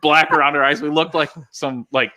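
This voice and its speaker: A man's voice: on the high side, steady tone, moderate pace, pushed and bright, no room sound, clean studio sound. A man hosting a casual podcast chat, joking and laughing often.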